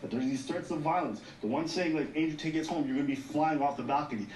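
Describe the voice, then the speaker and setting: A man's voice: a little high, fast talker, darkish tone. A man talks through a news story in casual commentary. He explains at length, reads quotes aloud and swears freely. His voice sounds roomy and a little far from the mic, with faint room noise behind it. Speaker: co-host of a commentary show.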